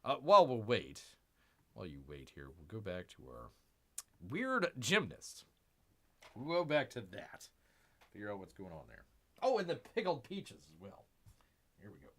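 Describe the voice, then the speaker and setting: A man hosting a casual livestream, rambling and talking about himself in the third person, his voice swinging from loud to a near-mumble. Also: lowish voice, huge pitch swings, normal speed, pauses often. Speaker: livestream host. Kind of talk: casual live-stream chat.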